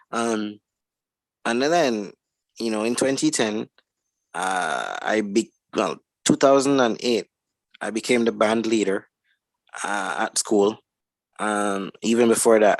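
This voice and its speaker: A low-voiced man in his twenties with a gravelly edge, talking slowly. He rambles through his story as a podcast guest, in a dry, close sound. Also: no room sound. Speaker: guest musician and producer. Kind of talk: casual podcast interview.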